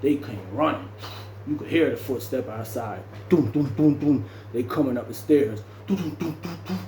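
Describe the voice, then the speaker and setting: Man, casual storytelling, acts out voices and sound effects, mellow tone, roomy echo. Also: mid-range voice, normal speed, a little hiss or hum. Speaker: storyteller recounting his jail time.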